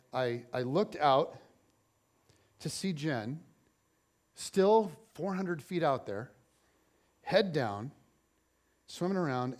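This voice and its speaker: Man, pastor, middle-aged, sermon storytelling, animated, acts out voices, slightly high pitch.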